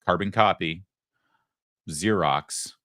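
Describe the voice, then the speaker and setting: Low-voiced sarcastic male talk host. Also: a bit bright, dry recording, studio quality. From Michigan. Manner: sarcastic, emphatic, quick asides. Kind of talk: political talk show monologue.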